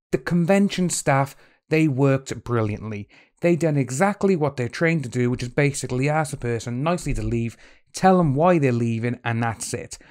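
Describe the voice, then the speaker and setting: A man hosts a commentary channel, offering opinionated commentary in an exasperated, scornful tone. His voice is medium-pitched with a darkish quality.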